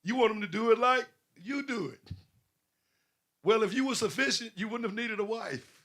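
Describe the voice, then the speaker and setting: A man's voice: high voice, animated, moderate pace, a bit bright. A man preaching a sermon, questioning his listeners and building emphasis. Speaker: pastor.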